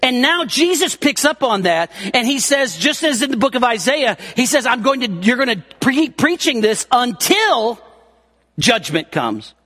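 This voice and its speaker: A man delivers a sermon as a pastor. His voice sits very high and sounds bright and forceful. He presses his points with emphatic rises and drops. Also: sing-song, a little slow.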